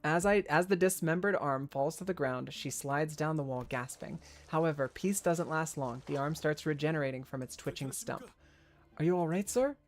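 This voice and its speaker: A man's voice: on the high side, moderate pace, few pauses. A man reading a story game's text aloud and adding jokey, casual commentary, laughing often and stumbling over words. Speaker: game streamer.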